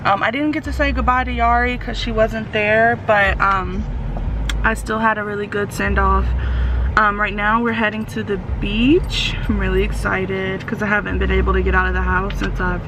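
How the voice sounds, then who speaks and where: A woman's voice: medium pitch, steady tone, moderate pace, background noise. A woman in her twenties chatting casually and upbeat to her vlog audience. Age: 20s. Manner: chatty, upbeat, says "y'all". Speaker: vlogger.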